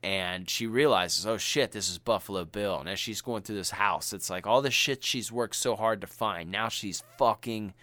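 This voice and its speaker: A man's voice: fairly low pitch, normal speed, few pauses, no room sound. A man co-hosting a podcast, chatting casually and retelling a film with slang and profanity. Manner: animated and profane, slangy storytelling. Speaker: podcast co-host.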